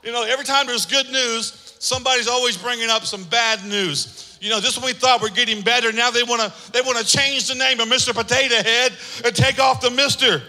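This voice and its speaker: A man preaching a sermon as pastor, energetic and calling for responses from the congregation. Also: very high voice, fairly quick. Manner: energetic, calls for audience responses. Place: large church hall. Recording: long hall reverb.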